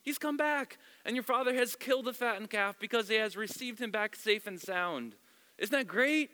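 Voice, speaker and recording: A man doing an excited, joyful servant bursting with good news. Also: moderate pace, clean tone. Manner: excited, high and bright. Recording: long hall reverb.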